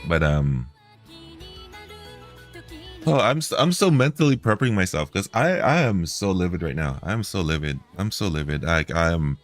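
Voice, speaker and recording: A man's voice: sits low, big pitch swings, moderate pace, faint music behind. A man streaming a reaction video, talking in a heated, profane, repetitive way.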